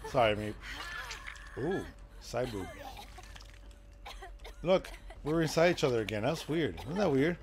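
A man streaming a live game, joking with chat and breaking into loud excited shouts. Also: medium pitch, measured pace, pauses often, slight background noise. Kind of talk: live gameplay commentary.

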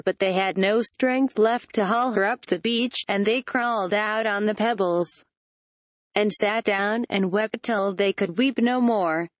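Steady female storybook narrator, dry sound. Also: medium pitch, no room sound. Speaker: audiobook narrator. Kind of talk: scripted storybook narration read aloud.

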